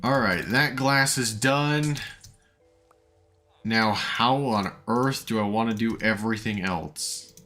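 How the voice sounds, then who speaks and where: Low, bright-voiced streamer, voice worn. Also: male voice, slow, faint music behind. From United States. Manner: rambling, reads chat aloud and answers it. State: voice tired and sore from hours of talking. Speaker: game streamer. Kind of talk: casual live-stream chat while playing.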